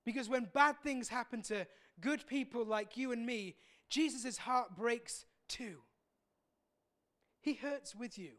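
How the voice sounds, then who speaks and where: A man preaching a sermon as a pastor, earnest and reflective, pausing often and repeating words as he speaks. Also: very high-pitched, a bit bright.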